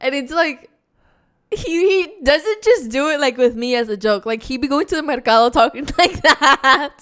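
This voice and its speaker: A woman's voice: high-pitched, lively intonation, moderate pace, fairly bright tone. A young woman from California co-hosting a casual podcast, talking in slang, laughing often and swearing freely. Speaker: podcast co-host. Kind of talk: casual chat.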